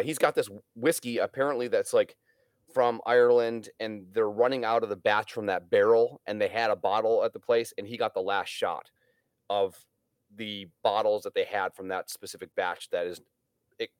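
A man's voice: fairly low pitch, clear, resonant tone, no room sound, studio quality. A man telling rambling stories in a casual chat, swearing freely as he goes.

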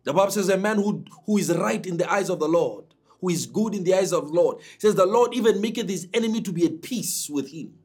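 High husky-voiced man preaching a sermon. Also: animated, a little fast, darkish tone. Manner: emphatic preaching with dramatic pitch swings.

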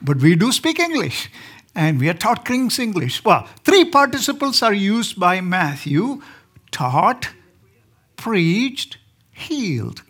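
A man's voice: high-pitched, very animated, slow, a bit bright, breathy edge. Indian man preaching a joking sermon. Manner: joking, asks the congregation questions. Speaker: guest preacher.

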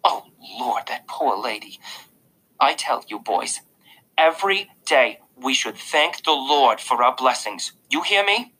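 Strict, preachy storybook babysitter, slow and scolding, read by a man with a bright, husky voice. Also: mid-range voice, sing-song, exaggerated voice, poor audio. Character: stern, devout woman babysitter.

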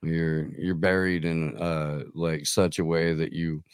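A man in casual podcast chat who gives blunt opinions in halting bursts full of fillers. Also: rumbling low, level tone, clean tone, no room sound, clean studio sound.

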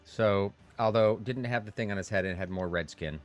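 A man running a tabletop game as game master, halting, with many fillers and restarts. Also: on the low side, muffled recording, faint music behind.

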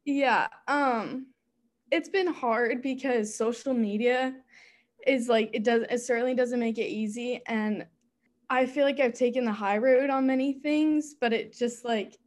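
Young woman student guest, slightly high, hesitant and filler-heavy. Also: fairly even intonation, measured pace, a little mellow. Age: young adult. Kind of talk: casual chat.

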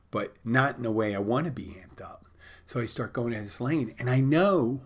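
A middle-aged man hosting a podcast, telling a personal story and giving bartending tips in a rambling, conversational way with many restarts. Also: medium pitch. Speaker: podcast host. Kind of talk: casual storytelling monologue.

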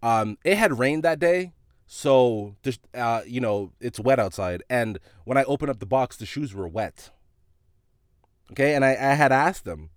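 A man spinning a casual story about his retail job, swearing freely and laughing along as he goes. His pitch swings widely and stays lively throughout. The recording is close and dry, with no room sound. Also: a little slow, clean tone, dry recording. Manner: animated, profane, laughing storyteller. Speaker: retail store worker telling stories.

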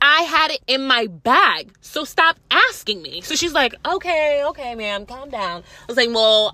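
A young woman telling a casual, profane story about a theft, acting out everyone's lines in lively voices. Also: mid-range voice, no echo. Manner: animated, profane, acts out others' voices.

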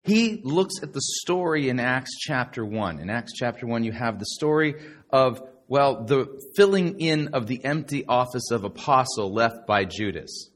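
A middle-aged man preaching a sermon to a live congregation, sarcastic and animated, now and then mocking other people's voices. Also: mid-range voice, measured pace. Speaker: pastor.

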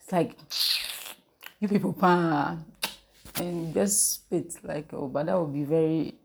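A woman's voice: low-pitched, normal speed, gravelly, dark tone. A woman teaching from the Bible, throwing questions to her listeners and waiting for them to answer. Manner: call-and-response, asks the listeners questions. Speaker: preacher.

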